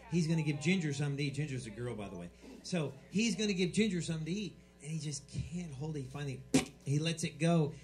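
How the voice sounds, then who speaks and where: A man doing stand-up, telling dirty jokes in a rambling, stumbling way with loud punchlines, live in a small club. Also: a little high. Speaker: stand-up comic.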